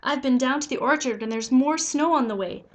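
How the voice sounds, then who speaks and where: A woman's voice: high voice, a little fast, lightly acted. A woman reading aloud, voicing an eager, worried little male woodland creature who gives breathless, urgent warnings.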